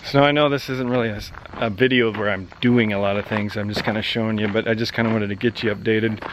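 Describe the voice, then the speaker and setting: Outdoors beside farm machinery, a laid-back central Nebraska farmer films a casual walkaround vlog, giving rambling, loose explanations of his work. He speaks quickly in a fairly low, steady male voice over background noise.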